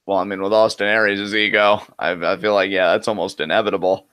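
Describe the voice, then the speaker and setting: A man's voice: on the low side, flat delivery, a little fast, fairly bright tone, clean tone, dry recording. A man co-hosting a live wrestling reaction stream, giving casual, joking play-by-play commentary.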